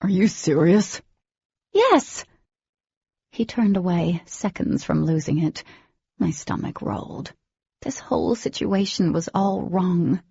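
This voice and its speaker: Brief: low-voiced woman audiobook narrator, steady, dull lo-fi sound. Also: measured pace, gravelly, husky, no echo. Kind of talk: first-person novel narration. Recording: dull lo-fi recording, dry.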